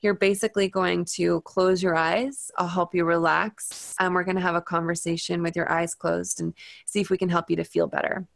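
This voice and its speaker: A woman's voice: on the low side, little pitch movement, moderate pace, gravelly, dry recording. A woman in her thirties telling a dramatic story as a guest in an interview, acting out quotes and laughing often. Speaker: hypnotherapist, guest.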